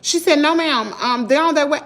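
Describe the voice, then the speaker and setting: A woman from Mississippi with a Southern accent, telling a story to her viewers in an animated, emphatic way. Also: sits high, brisk. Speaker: vlogger.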